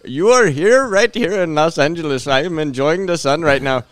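A man's voice: on the high side, moderate pace, a bit bright, no room sound, voice pushed up, lightly acted. A man putting on the voice of an overly polite male call-center agent with an Indian accent. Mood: fake cheerful. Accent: Indian, put on.

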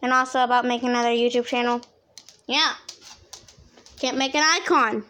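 A woman's voice: on the high side, fairly even intonation, normal speed, pushed and bright. A young woman vlogging at her grandmother's home, talking to the dogs in a fond, baby-talk way. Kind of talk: casual vlog talking to pets.

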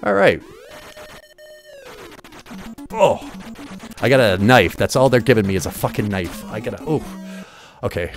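Excitable swearing man streaming old games. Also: fairly low pitch, normal speed, faint music behind. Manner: excitable, swears often, jokey self-talk. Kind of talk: casual game commentary.

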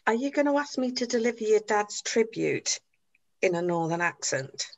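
An actress playing a funeral celebrant who is polite, patient and well-spoken. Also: female voice, medium pitch, animated, moderate pace, muffled recording, close to an everyday voice. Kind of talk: comedy series acting on a video call.

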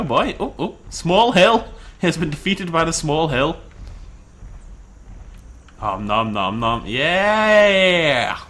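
A British man giving excited, chatty commentary on a dinosaur survival game, breaking into laughs and shouts. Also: medium pitch. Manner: animated, shouts and laughs in bursts. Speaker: gameplay commentator. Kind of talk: excited let's-play commentary.

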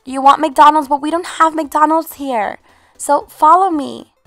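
A woman hosting a game roleplay video, commentating in an animated, exclaiming way and talking motherly to her in-game baby. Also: high voice, measured pace, dry recording, faint music behind. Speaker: channel host.

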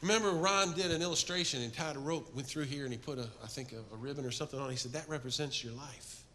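A middle-aged man preaching a sermon to a men's group, telling stories with energy and then dropping to a soft, earnest appeal. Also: medium pitch, fast talker, a little hiss or hum. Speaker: men's ministry speaker.

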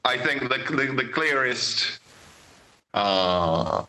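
A young man from Britain, a guest writer in a casual podcast conversation, speaking in a thoughtful, measured way with many pauses and fillers. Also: medium pitch, animated, sharp tone, rough recording.

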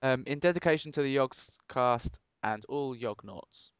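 A man's voice: mid-range voice, measured pace, clear, resonant tone, no echo. A young man co-hosting a Let's Play, reading in-game signs aloud and bantering casually. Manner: joking, reads in-game text aloud. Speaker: gaming co-host.

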